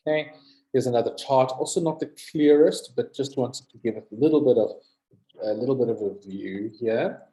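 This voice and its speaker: A man teaching a recorded yoga lesson, slowly repeating Sanskrit terms and having listeners say them back. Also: medium pitch, dark tone, roomy sound, poor audio. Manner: drills pronunciation, repeats words slowly and asks listeners to say them.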